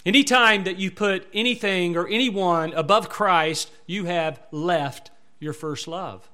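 High-voiced preaching man. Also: a little slow, bright, forceful tone. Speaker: pastor. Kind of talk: sermon.

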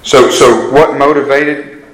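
A man's voice: mid-range voice, fairly even intonation, slow, a bit bright, roomy sound, rough recording. A man preaching a sermon, repeating key phrases for emphasis and putting questions to his congregation.

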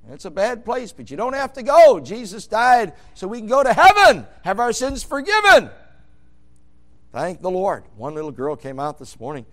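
A man preaching a sermon, moving from quiet storytelling into loud, fervent hollering. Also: high voice.

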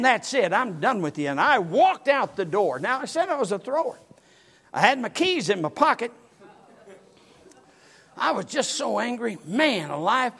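Animated folksy preacher man, lively pitch. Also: creaky, husky. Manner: folksy, animated storytelling with acted quotes. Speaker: pastor. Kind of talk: storytelling sermon.

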